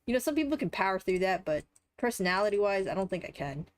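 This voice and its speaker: A woman's voice: mid-range voice, big pitch swings, fast, no room sound. A young woman on a live stream who chats loosely while she plays. Her talk rambles along in an offhand, unpolished way, with casual swearing thrown in. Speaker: livestreamer.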